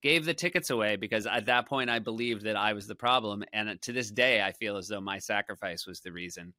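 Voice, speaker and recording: A man's voice: fairly low pitch, fairly quick, bright, forceful tone, dry recording, studio quality. A man guest on a podcast, chatting casually and rambling with self-deprecating humor.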